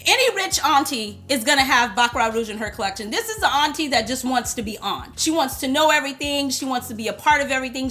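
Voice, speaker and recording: A woman chatting casually to camera as a perfume reviewer, playful and loud. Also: high voice.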